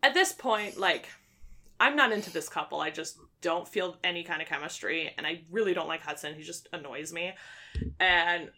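A young woman with a bright, forward voice recaps a book in casual conversation. She is opinionated and animated, jumping into the characters' lines and peppering her talk with fillers and laughter. Her delivery sounds like relaxed gossip between friends. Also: fairly low pitch, moderate pace. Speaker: book reviewer. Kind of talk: casual chat.

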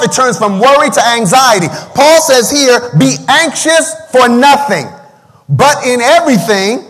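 A man's voice: very high voice, fairly bright tone. A man preaching a sermon as pastor, calling out to his online viewers and sometimes singing hymn lines. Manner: preaching with call-and-response, breaks into singing a hymn. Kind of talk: livestreamed sermon. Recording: long hall reverb.

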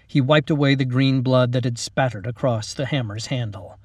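A man, the author, narrating his own story in a steady, dramatic reading. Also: mid-range voice, normal speed, husky, no room sound, distant mic. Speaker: author and reader. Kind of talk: scripted narration.

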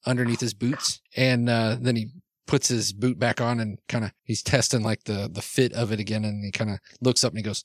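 A man narrating as game master, rambling and halting with many restarts. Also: medium pitch, fairly even intonation, no echo, studio quality.

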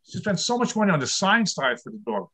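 A man's voice: high voice, very animated, fast talker, bright, forceful tone, husky. An older man performing a stand-up comedy set, telling wry, self-deprecating jokes about his marriage.

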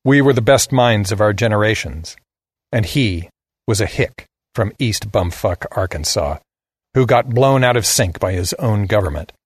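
A man's voice: on the low side, animated, normal speed, husky, dry recording, clean studio sound. A man giving a scripted narration of a story in a blunt, sardonic manner.

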